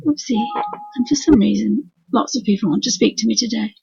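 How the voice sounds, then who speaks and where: A woman with a Yorkshire accent and a hoarse, croaky voice chats in a homely, rambling way while she demonstrates painting on a live stream from her desk at home. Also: fairly high pitch, brisk, darkish tone, no room sound, faint music behind. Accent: Yorkshire English. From Yorkshire, England. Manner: homely, rambling, talks to her dog and viewers. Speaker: craft tutor streaming live. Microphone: computer mic for a live stream. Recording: dull lo-fi live stream audio.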